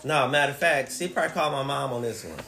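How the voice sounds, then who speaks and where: A man telling stories in casual chat, profane and animated, acting out what people said. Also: medium pitch, fast talker, roomy sound, slight background noise. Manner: profane, animated storyteller who acts out quotes.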